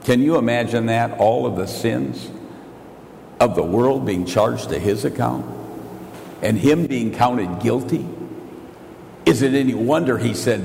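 An older male pastor preaching a sermon, swinging between shouted declarations and quiet, confiding asides. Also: mid-range voice, measured pace, creaky, pauses often, slight background noise. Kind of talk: evangelical sermon. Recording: echoey church hall.

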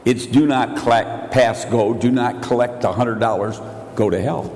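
An older male pastor preaching a sermon, swinging between shouted declarations and quiet, confiding asides. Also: mid-range voice, moderate pace, a little hiss or hum. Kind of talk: evangelical sermon. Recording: echoey church hall.

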